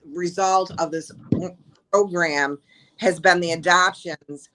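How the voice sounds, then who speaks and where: A woman's voice: lowish voice, steady tone, slow pace, sharp tone. A woman from the shelter staff sharing an adoption story with heartfelt emotion in a casual interview.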